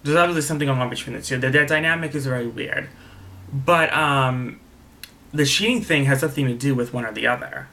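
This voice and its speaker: A man's voice: mid-range voice, brisk, gravelly, bright, forceful tone. A man casually recapping a reality TV episode, candid and opinionated, swearing freely and repeating himself for emphasis.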